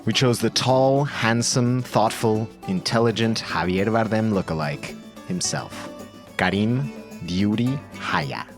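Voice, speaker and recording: A man's voice: on the low side, takes it slowly, music in the background. A man co-hosting a podcast, reading scripted narration in a playful, upbeat way. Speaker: podcast co-host.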